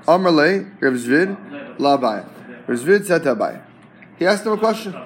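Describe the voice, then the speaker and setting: A man teaching a Talmud class. He translates each term phrase by phrase and often checks in with his students. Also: a little high.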